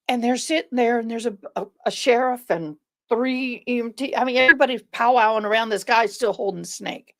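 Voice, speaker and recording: Animated storytelling woman on a video call. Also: fairly high pitch. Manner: animated storyteller who acts out quoted people. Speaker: live-stream co-host. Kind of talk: casual video chat. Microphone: video call webcam.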